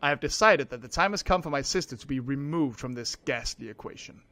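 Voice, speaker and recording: A man voicing a scheming young male heir, reading his cold, measured narration aloud from a game. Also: medium pitch, animated, pushed and bright.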